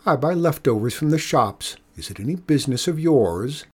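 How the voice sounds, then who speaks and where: A man voicing a stubborn, faithful old woman who shouts sharp retorts in a storybook reading. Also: medium pitch, sing-song, brisk, husky. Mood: indignant.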